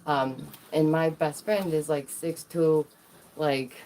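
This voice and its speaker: A woman's voice: deep voice, steady tone, slow pace, mellow, a little hiss or hum. A woman streaming live, chatting casually to her viewers in a rambling way, with lots of fillers and restarts.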